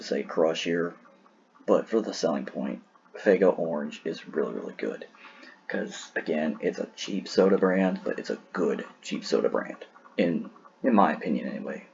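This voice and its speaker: A man's voice: deep voice, vocal fry, highs cut off, slight background noise. A man rambling casually as he ranks sodas in a tier list, sleepy and yawning, often restarting his sentences. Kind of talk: casual solo commentary.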